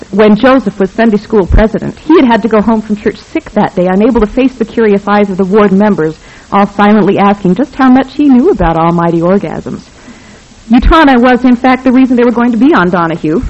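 A narrator reading a novel aloud in a wry, even manner. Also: medium pitch, dull audio. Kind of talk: scripted audiobook narration.

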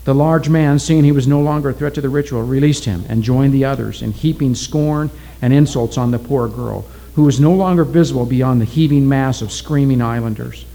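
A man narrating a story aloud in a steady, deliberate reading style. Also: mid-range voice, creaky, low-quality recording.

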